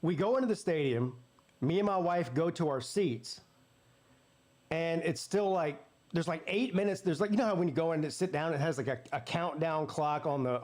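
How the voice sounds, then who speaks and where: A man's voice: on the high side, a little mellow. A man hosting a live sports watch party, telling a story in a casual way, swearing freely and acting out the voices he quotes.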